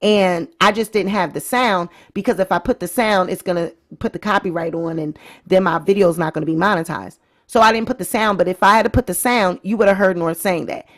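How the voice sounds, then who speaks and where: This woman hosts her own vlog and speaks to her viewers in a lowish voice at a slightly fast pace. Her casual celebrity-news commentary is chatty and full of opinions.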